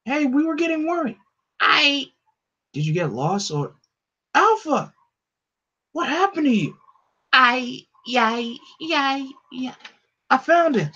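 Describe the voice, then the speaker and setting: A man's voice: extremely high pitch, very animated, slow, long pauses, sharp tone, muffled recording, voice pushed up, full character voice. A man voicing a stubborn, earnest young male hero, with urgent, breathless delivery.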